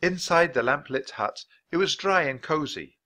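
A man reading a children's chapter book aloud at a clear, natural pace for English learners. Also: fairly high pitch, expressive, sharp tone. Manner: clear, unhurried storytelling. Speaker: audiobook narrator.

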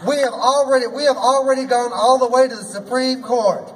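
A man's voice: extremely high pitch, steady tone, fairly quick, distant mic, a little hiss or hum, rough recording. A man performing as a drag queen emcee, hosting a rally with a sassy, folksy manner and rallying the crowd. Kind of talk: rally speech. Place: outdoor rally.

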